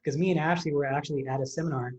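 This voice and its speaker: A man hosting a fitness podcast, telling a story in casual, excited chat full of fillers and restarts. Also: fairly high pitch, racing, lo-fi sound. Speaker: podcast host and contest prep coach.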